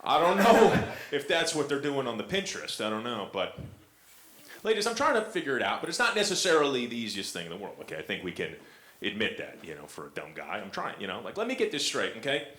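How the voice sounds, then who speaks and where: A man's voice: medium pitch, wildly swooping pitch, fast talker, fairly bright tone. A young man doing a stand-up comedy set, rambling and self-mocking with lots of fillers. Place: comedy club stage with audience. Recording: echoey club, audience noise.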